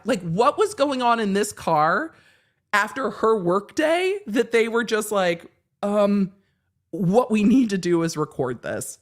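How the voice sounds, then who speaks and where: A woman's voice: mid-range voice, slow. A middle-aged woman hosting a legal commentary livestream, chatting casually and laughing, with plenty of swearing. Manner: animated, laughing, swearing freely.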